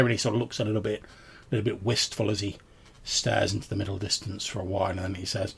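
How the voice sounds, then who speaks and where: Gravelly-voiced man narrating a tabletop game. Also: fairly low pitch, flat delivery, fast. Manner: rambling description full of fillers. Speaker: game master.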